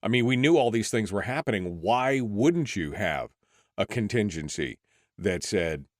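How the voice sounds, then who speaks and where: Male radio host, mid pitch, dry close sound, chatty and frustrated. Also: expressive, unhurried, no echo. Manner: frustrated, conversational, leans on "I mean". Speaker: talk show host. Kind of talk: radio talk-show conversation.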